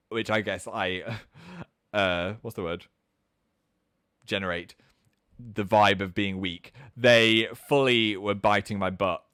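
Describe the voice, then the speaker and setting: A man in his thirties, hosting a casual livestream chat in a chatty, self-mocking way and jumping up in pitch for comic voices. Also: fairly bright tone, dry recording, studio quality. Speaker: livestream host.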